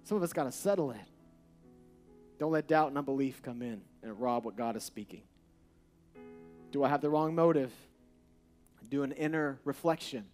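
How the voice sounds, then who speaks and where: A man preaching a sermon, repeating short refrains and building to loud, emphatic peaks. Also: medium pitch, normal speed, pauses often. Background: soft guitar music.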